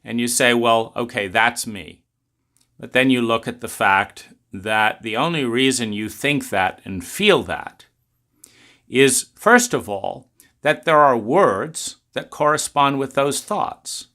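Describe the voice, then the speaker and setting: A man speaks in a measured, deliberate way, stretching out key words as he builds his argument. His voice is bright and forceful, and he lets the ideas land slowly. He leans on rhetorical questions to drive his points home. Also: mid-range voice, expressive. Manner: unhurried, questioning, drawn-out emphasis. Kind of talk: philosophical talk.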